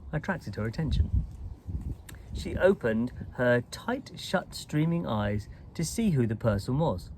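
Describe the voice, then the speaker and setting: A man reading a children's storybook aloud in an expressive, lively way. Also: a little high, a little hiss or hum, rough recording. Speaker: storybook reader.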